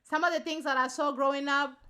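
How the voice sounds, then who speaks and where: A woman's voice: high-pitched, steady tone, fairly quick, bright, forceful tone. A woman vlogger giving casual opinion commentary to her viewers. She talks in slangy, informal speech and repeats her points for emphasis.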